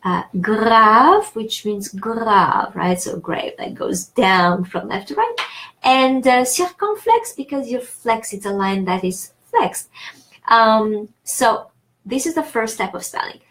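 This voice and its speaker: A woman's voice: medium pitch, expressive, measured pace. A woman teaching a casual online French pronunciation lesson, chatty and encouraging, with many fillers and restarts. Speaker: French tutor.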